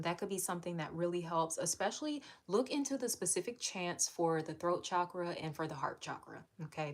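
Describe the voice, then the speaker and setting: A chatty woman tarot reader talks in a candid, casual way, swearing freely and laughing often. Her voice sits fairly low. A steady noise runs behind her the whole time. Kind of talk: casual livestream tarot reading. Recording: audible background noise.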